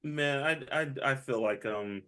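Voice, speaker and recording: A man co-hosting a casual movie review podcast, talking in an animated way, laughing often and full of "like" and restarts. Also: medium pitch, a little slow. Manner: animated, laughs a lot, acts out quotes; hesitant restarts, says "like" often. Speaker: podcast co-host.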